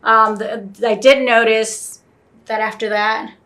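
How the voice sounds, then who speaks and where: A woman's voice: a little high, level tone, slow pace, sharp tone. A woman telling a personal story in a casual interview, acting out both sides of the conversations she recalls.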